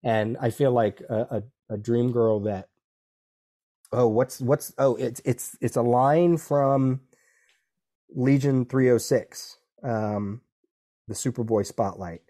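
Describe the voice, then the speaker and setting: A man on a podcast walks through a comic issue by issue, slipping into the characters' lines as he goes. His voice sits at an average pitch with a dark, mellow tone. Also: slow pace. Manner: animated, quotes dialogue in character, many restarts. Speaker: podcast co-host. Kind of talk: casual comic discussion.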